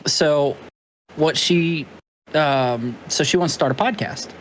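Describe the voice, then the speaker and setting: Chatty man, slightly high voice. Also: slow. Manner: chatty, swears casually. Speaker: podcast co-host. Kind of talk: casual chat.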